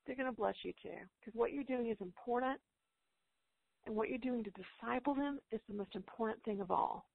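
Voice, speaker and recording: A woman's voice: on the high side, brisk, gravelly, slightly rough, no room sound. A woman speaker giving earnest, preacherly encouragement to homeschool mothers and answering their questions. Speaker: guest speaker, homeschool author. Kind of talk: encouraging talk and Q&A. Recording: tinny phone-like call audio, dry.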